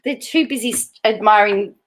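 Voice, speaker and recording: A woman's voice: mid-range voice, normal speed. A woman hosting her channel, reading news articles aloud in casual commentary, often breaking into giggles and chatty asides to viewers. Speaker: channel host.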